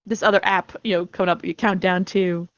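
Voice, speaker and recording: A woman's voice: fairly low pitch, fairly even intonation, quick pace, dry recording, muffled recording. A woman chatting casually as a podcast guest, rambling and laughing while she tells stories. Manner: rambling, giggly, acts out her own reactions. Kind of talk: casual chat.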